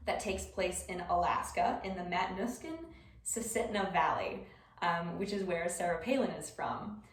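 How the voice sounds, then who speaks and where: A young adult woman giving a class presentation, explaining step by step with scattered ums. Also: mid-range voice. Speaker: student presenter. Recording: roomy echo, voice far from the mic.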